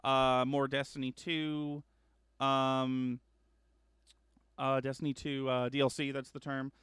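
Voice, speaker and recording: A man hosting a casual gaming news chat, rambling with lots of ums and uhs and correcting himself, getting excited about upcoming games. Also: medium pitch, slow, clear, resonant tone, no echo. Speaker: gaming news show host.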